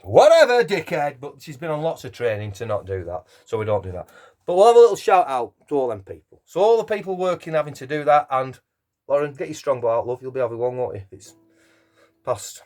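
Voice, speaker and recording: A man's voice: mid-range voice, expressive, quick pace, a little mellow. A man in his fifties, a singer and busker chatting casually between songs at a home lockdown gig, rambling and self-deprecating with cheeky swearing. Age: 50s. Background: guitar.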